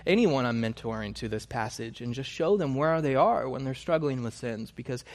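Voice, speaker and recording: A man's voice: mid-range voice, lively intonation, moderate pace, in a large hall. A man preaching a sermon in an earnest, emphatic way, hammering points through repetition and correcting himself mid-sentence.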